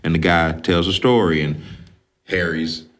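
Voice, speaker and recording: Low-voiced man recapping a film, animated. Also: unhurried. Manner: animated, profane storytelling, acting out characters. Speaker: podcast host.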